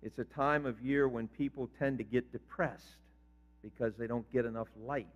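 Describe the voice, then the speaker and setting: A man's voice: medium pitch, steady tone, normal speed. An older man, a pastor, preaching a sermon in a conversational way and quizzing his congregation. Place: church sanctuary. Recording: reverberant hall, dull lo-fi sound.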